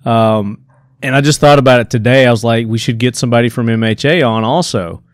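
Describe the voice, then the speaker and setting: A man hosts a podcast in a relaxed, casual way, mostly with short reactions and questions. His voice has a middle pitch, and the sound is dry and close. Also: a little fast, no room sound. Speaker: podcast host.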